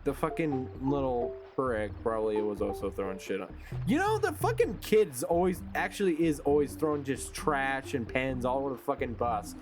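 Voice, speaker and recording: A man's voice: mid-range voice, sing-song, moderate pace. A young man hosting a casual gameplay chat, telling a story in a profane, ranting way. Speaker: gaming channel host. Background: game music.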